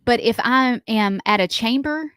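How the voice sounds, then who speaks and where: Woman, radio co-host, giggly banter, slightly high voice, dry studio sound. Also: unhurried, fairly bright tone, clean tone, no room sound. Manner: giggly, self-mocking. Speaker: radio morning show co-host.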